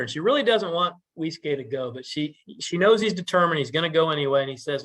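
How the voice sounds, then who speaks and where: A man telling a traditional story casually at a community meeting, relaxed and animated. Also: on the high side, fast, hardly any pauses.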